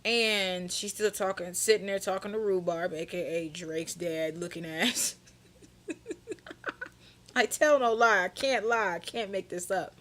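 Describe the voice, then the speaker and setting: A young woman recounting a night out for her vlog audience, full of attitude and animated asides. Her voice sits in a middle range, and she leans hard into the drama of her own story. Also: medium pitch, takes it slowly. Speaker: vlogger.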